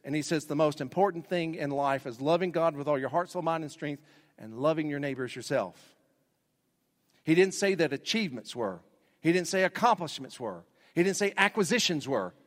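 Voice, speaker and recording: A man's voice: fairly high pitch, lively intonation, brisk. A male pastor delivering a sermon, building emphasis through repeated phrases. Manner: preaching with rising emphasis and repetition. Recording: long hall reverb.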